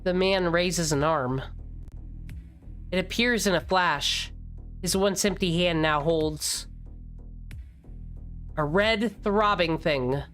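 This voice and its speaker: A woman's voice: on the low side, slow, long pauses, faint music behind. Woman dramatically reading a visual novel. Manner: expressive, jokey asides. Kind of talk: dramatic first-person game narration.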